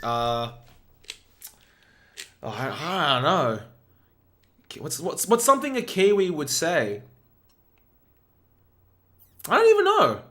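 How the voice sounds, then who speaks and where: A man's voice: fairly high pitch, huge pitch swings, slow pace, long pauses, a bit bright. A man chatting casually on his live stream, rambling and hesitant as he thinks aloud. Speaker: speedrunner streamer.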